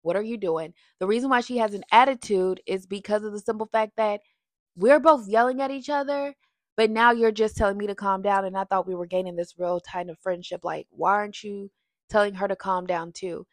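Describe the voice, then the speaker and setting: Woman, chatty reality TV review, mid pitch, dry close sound, animated when heated. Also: fairly quick, dry recording. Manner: chatty, animated, gets loud when worked up. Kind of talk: casual episode review.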